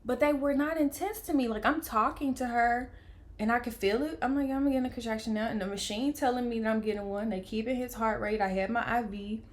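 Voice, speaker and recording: A young woman, telling a personal story in a casual vlog, lively, playing out the voices of people she quotes. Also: fairly high pitch, brisk. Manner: animated, acts out quoted voices, laughs often. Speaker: vlogger telling her birth story.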